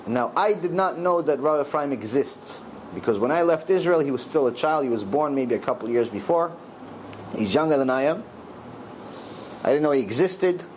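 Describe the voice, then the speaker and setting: A man's voice: a little high, lively intonation, moderate pace, slight background noise, low-quality recording. A middle-aged man and rabbi giving a storytelling Torah lecture, acting out the dialogue in raised voices.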